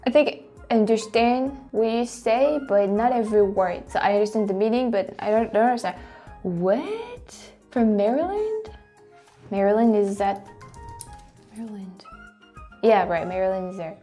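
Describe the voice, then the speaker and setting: French woman reacting, mellow voice. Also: mid-range voice, normal speed, faint music behind. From France. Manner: animated, exclaiming and laughing often. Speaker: host. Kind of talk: casual reaction commentary.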